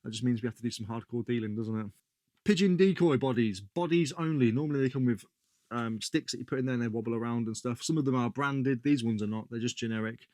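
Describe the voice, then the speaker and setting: A man's voice: mid-range voice, fast, a little mellow, dry recording, clean studio sound. A British man chatting casually about his resale finds, slangy and often correcting himself mid-sentence. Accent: British English. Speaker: reseller vlogger. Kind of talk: casual chat.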